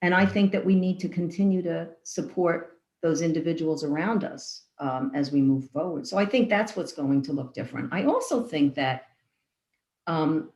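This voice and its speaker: A woman guest in an interview who answers in a thoughtful, measured way and builds long lists of ideas. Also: deep voice, darkish tone. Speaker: guest leader. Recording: echoey room.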